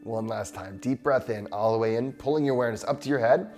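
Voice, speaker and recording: A man hosting a show, leading a guided breathing exercise in a slow, soothing, encouraging way. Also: mid-range voice, a little mellow, faint music behind. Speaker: breathwork host.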